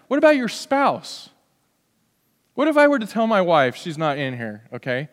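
A pastor in his forties delivers a sermon in a church, his voice sitting fairly high for a man. He preaches in a loose, conversational way and keeps slipping into short acted-out scenes. His voice carries a long reverb from the hall. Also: normal speed. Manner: conversational, animated, acts out little scenes. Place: church sanctuary.

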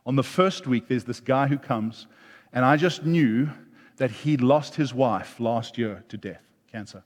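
A middle-aged man preaching a sermon, animated, rising loud and then dropping soft. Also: mid-range voice, a little slow. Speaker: pastor. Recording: long hall reverb.

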